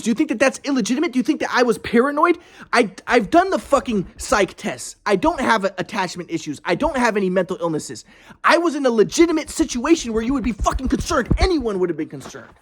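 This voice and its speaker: A man telling a personal story in an agitated, defensive monologue, swearing often and restarting his sentences. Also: very high voice.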